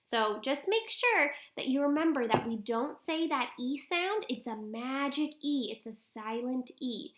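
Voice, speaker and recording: A woman teaching a phonics lesson to young children on video, sounding out letters slowly and asking coaxing questions. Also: sits high, lively intonation. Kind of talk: early-grade phonics lesson to camera.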